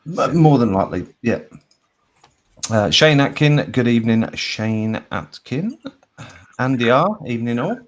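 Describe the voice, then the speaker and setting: A man with a Birmingham accent co-hosting a live show, reading out viewers' names with chirpy greetings and jokey asides. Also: on the low side. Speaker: co-host reading out chat names. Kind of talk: casual live-show banter.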